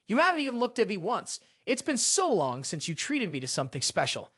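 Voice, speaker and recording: A narrator voicing a flirtatious, spiteful female secretary with a soft, whining way of talking. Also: mid-range voice, huge pitch swings, a little fast, breathy edge, dry recording, clean studio sound, heavily acted. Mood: wheedling. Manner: whiny, wheedling.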